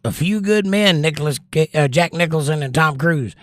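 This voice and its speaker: His voice on the high side and a bit bright, a Southern U.S. man hosts a livestream at a moderate pace. He reads out viewer comments in a chatty, casual manner and hands out firm movie recommendations, all in a dry, clean studio recording.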